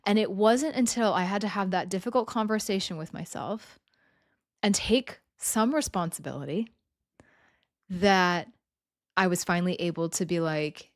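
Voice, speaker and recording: A woman's voice: mid-range voice, normal speed, no echo. Earnest woman podcasting in a dry close sound. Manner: earnest, conversational, many fillers like "you know" and "right". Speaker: podcast host. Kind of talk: solo podcast talk.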